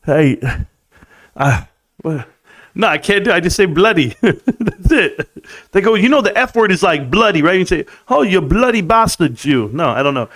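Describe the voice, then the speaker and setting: A man's voice: a little high, fairly bright tone. A man hosting a casual livestream from a room at home, reading out chat in a laid-back, chummy way and laughing often.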